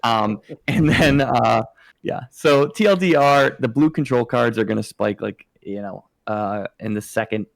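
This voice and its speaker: Male co-host, gravelly, low, dry close mic, loose rambling chat. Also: a little slow, no room sound. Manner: rambling, many fillers. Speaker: podcast co-host. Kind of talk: casual chat.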